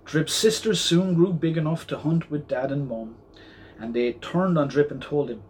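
A man's voice: fairly high pitch, moderate pace, darkish tone, a little hiss or hum. A man reading a children's rhyming picture book aloud in a rhythmic storytelling manner.

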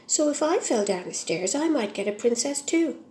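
A longing storybook fir tree with a gently raised voice, earnest and dreaming of better days, as a woman reads him. He turns indignant when called old, but mostly he speaks in soft, wistful hope. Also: on the high side, lively intonation, normal speed, slight background noise, natural voice. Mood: hopeful.

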